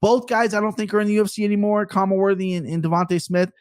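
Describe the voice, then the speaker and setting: A fast-talking man with a fairly high voice, a betting analyst who pokes fun at himself while he runs through fight picks. The sound is close and dry, with no room around it. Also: little pitch movement, smooth, no room sound. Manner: fast, talkative, self-mocking. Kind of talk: podcast chat, fight picks.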